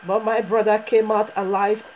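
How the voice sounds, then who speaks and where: A woman's voice: mid-range voice, flat delivery, moderate pace, a little mellow, slight background noise, poor audio. Fervent woman preaching a sermon. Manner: fervent, emphatic preaching with rhetorical questions.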